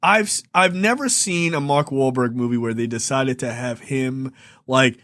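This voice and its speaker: A man reviewing a movie in a casual podcast chat, measured and agreeable, often laughing with his co-host. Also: medium pitch, fairly bright tone, no echo, studio quality.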